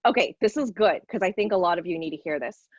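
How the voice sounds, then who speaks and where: A woman business coach leading a live group coaching call, encouraging and emphatic, slowing down to stress key phrases. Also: lowish voice, no room sound, highs cut off.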